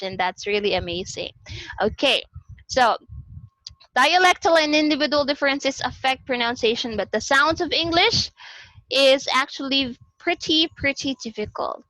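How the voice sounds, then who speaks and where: A woman with a Filipino accent presenting a lesson on a video call, explaining slowly and repeating herself as she goes. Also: high voice, pushed and bright, dry recording, low-quality recording. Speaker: student presenter in a class discussion. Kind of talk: online class presentation. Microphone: computer or headset mic on a video call.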